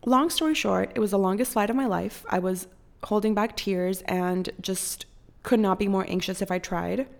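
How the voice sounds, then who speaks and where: A young woman content creator tells a rambling, casual storytime, chatty and heavy on "like" with frequent swearing. Her voice is mid-range and creaky, at a moderate pace.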